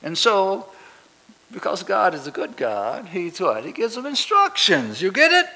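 A man's voice: high voice, wildly swooping pitch, a little slow, pushed and bright, low-quality recording. A man preaching a sermon, often asking the congregation to finish his sentences and building to emphatic declarations. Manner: call-and-response questions to the congregation.

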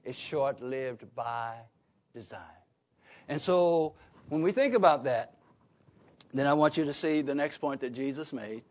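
A man's voice: medium pitch, measured pace, long pauses. A man preaching a sermon, emphatic and conversational, often asking the listeners questions. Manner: emphatic, asks the congregation questions. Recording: dull lo-fi recording.

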